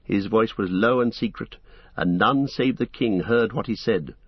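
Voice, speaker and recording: A man narrating an audiobook in a steady, measured storytelling manner with a husky voice. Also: on the low side, dry recording, dull audio.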